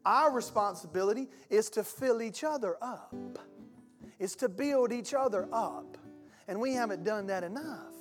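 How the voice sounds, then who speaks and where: A man's voice: high-pitched, expressive, moderate pace. A man preaching a sermon as pastor, in a passionate, colloquial style in a church hall. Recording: long hall reverb with faint guitar.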